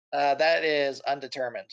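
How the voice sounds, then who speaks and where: A man co-hosting a casual comedy podcast, retelling a story and acting out its lines with big jumps in pitch, laughing and swearing often. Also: fairly bright tone, smooth, dry recording, muffled recording.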